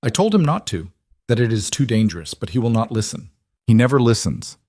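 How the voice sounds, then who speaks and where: A man reading the lines of a dignified elderly Italian woman with a formal, measured manner and an Italian accent. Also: medium pitch, very animated, dark tone, dry recording, studio quality. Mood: exasperated.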